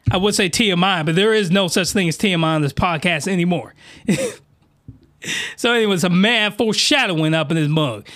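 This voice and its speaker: Young man podcast host, high bright voice, crude rambling recap, close mic. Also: moderate pace, dry recording. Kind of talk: crude comedic anime recap.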